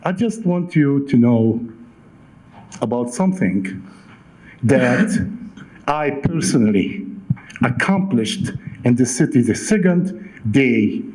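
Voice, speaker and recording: Slow, emphatic man making a speech. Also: mid-range voice, lively intonation, darkish tone, poor audio. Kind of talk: public comment at a council meeting. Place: council chamber. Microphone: podium microphone.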